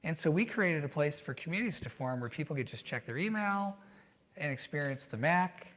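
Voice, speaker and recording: A man being interviewed, telling stories in a reflective, animated way with many fillers. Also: fairly high pitch, a little fast. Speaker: guest. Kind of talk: conversational interview storytelling.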